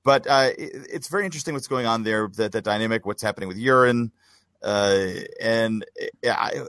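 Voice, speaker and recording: A man's voice: lowish voice, fairly quick, fairly bright tone, no echo. A man co-hosting a casual podcast who steers the recap and halts often with "uh". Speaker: podcast co-host. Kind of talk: casual chat.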